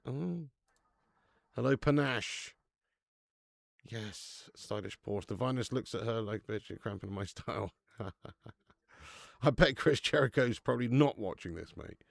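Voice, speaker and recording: A man's voice: on the low side, moderate pace, vocal fry, long pauses, dry recording, studio quality. A man hosting a live football watch-along stream, chatting laddishly with viewers and laughing often. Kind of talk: live stream chat and match commentary.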